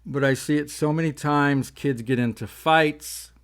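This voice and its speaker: A man's voice: a little high, a little slow. A man hosting a casual talk show, rambling and folksy while talking around tobacco in his mouth. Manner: rambling, folksy, says "y'all". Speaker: host.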